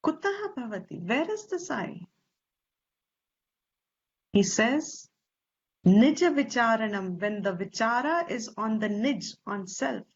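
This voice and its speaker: A woman teacher with an Indian English accent, explaining scripture slowly and deliberately, stressing Sanskrit terms and posing rhetorical questions. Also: fairly high pitch, animated, slightly rough. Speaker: Vedanta teacher. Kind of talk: slow scriptural class explanation. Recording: slightly dull lo-fi recording.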